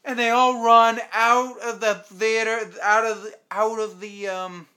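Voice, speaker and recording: Bright-voiced man recapping a TV episode. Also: high-pitched, little pitch movement, a little slow, smooth. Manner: rambling retelling, acting out quoted lines. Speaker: TV show reviewer host.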